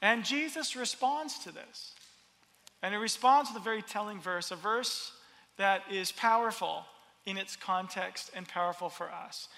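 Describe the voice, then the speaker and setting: A man preaching a sermon, expressive and repeating his words as he builds each point. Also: high voice, unhurried, gravelly, in a large hall. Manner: expressive, acts out crowd voices, repeats words. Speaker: pastor.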